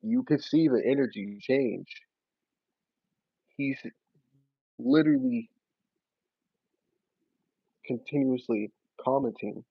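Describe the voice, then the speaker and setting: A laid-back, slangy young man chats casually with his live stream audience, speaking slowly at a medium pitch with long pauses and a breathy edge. The audio is dry, slightly dull, and lo-fi, with no echo.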